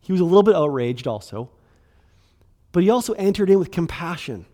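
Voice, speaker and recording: A middle-aged man preaching a sermon in a loose, conversational way, full of "like" and quick restarts. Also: high-pitched, very animated, mellow. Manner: conversational, filler-heavy, restarts, quick bursts. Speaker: pastor.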